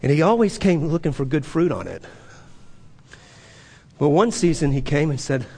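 A man's voice: a little high, expressive, normal speed, creaky, dark tone, husky, big-room sound. A middle-aged man preaching a sermon, driving points home with repeated phrases and rhetorical questions. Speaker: pastor.

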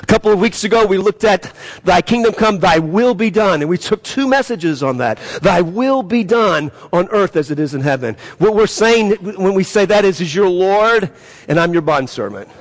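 A man's voice: expressive, moderate pace. A man preaching a sermon as pastor, asking the congregation direct questions and growing more fervent as he reads prayers aloud. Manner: impassioned preaching, rising in pitch and volume when reading prayers.

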